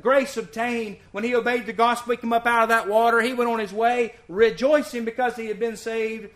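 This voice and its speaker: High, bright-voiced earnest male preacher. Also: steady tone, a little fast. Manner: earnest, emphatic, repeats key lines. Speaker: visiting preacher. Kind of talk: sermon.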